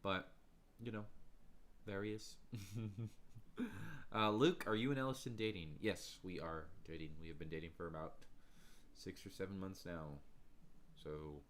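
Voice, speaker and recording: Energetic chatty man hosting a home livestream. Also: deep voice, measured pace, pauses often. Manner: energetic, chatty, laughs often. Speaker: livestream host. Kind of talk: casual livestream chat.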